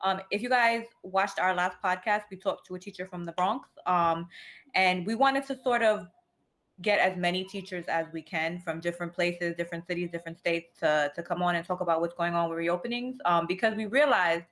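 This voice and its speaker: A woman's voice: fairly low pitch, brisk, a bit bright. A woman co-hosting a casual podcast over a video call, upbeat and loose, with many fillers. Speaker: podcast co-host.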